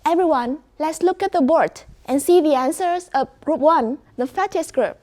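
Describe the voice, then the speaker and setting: A Vietnamese-accented woman with a high-pitched, somewhat mellow voice guides an English class. She speaks slowly and plainly, praising her students and prompting them.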